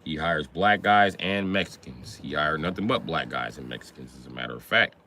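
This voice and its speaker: Animated, profane ranting man. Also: a bass voice, brisk, vocal fry, slight background noise. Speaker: live streamer commenting on a video. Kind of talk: profane comedic rant.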